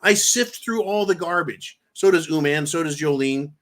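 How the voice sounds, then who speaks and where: A man hosting a live show and answering viewer comments. His voice sits on the higher side, and he talks bluntly and swears freely. He rambles and piles up long lists of names and places. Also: normal speed, a bit bright. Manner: rambling, with lists and repeated words. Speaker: livestream host.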